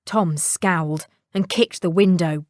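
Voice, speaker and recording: A woman reading a children's storybook aloud, expressive and playful with sound-effect words. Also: lowish voice, unhurried, dry recording, clean studio sound.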